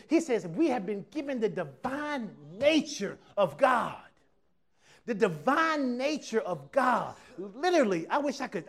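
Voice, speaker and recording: A man preaching a lively sermon to a church congregation, talking casually and acting out other people's voices as he goes. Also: sits high, creaky. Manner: animated preaching, acts out quoted voices, casual dialect. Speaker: pastor.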